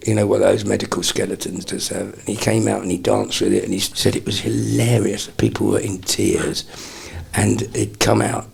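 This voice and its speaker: A man in his sixties with a deeply gravelly, rough-edged voice that sits a little low. He talks as a comedian guest in an interview, spinning animated anecdotes and slipping into brief impressions. The tone is heavily husky throughout. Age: 60s. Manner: animated storyteller, slips into quick impressions.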